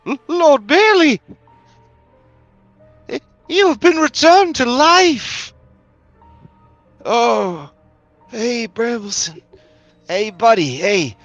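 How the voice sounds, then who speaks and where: A man voicing a frantic, whiny reanimated taxidermy cat who stammers in a high, squeaky voice. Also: expressive, drawn-out words, pauses often, fairly bright tone, no echo, dull audio, soft background music, full character voice. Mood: flustered.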